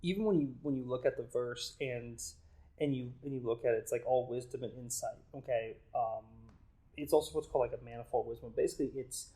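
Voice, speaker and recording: Man, podcast host, earnest faith talk, halting delivery, many restarts. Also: medium pitch, warm tone, low-quality recording.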